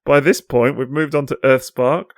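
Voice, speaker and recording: Casual male podcast co-host, animated and laughing, steering the conversation; dry sound. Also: medium pitch, normal speed, no echo. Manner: lively, often laughing, jumps in to steer the talk.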